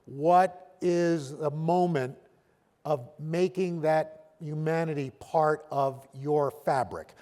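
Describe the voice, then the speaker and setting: Man, fairly high voice, halting off-the-cuff conference talk, jokey, echoing event hall. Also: fairly even intonation, mellow. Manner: halting, with many restarts, self-deprecating jokes. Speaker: keynote speaker at a panel event. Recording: long hall reverb.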